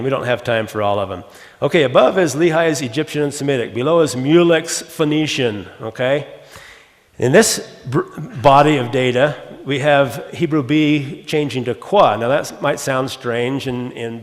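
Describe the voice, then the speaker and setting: Male conference lecturer, mid-pitched, brisk and a bit scattered, lots of uh's, heard in a reverberant hall. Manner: rapid, fills with uh, restarts words, reads word lists aloud. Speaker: conference speaker.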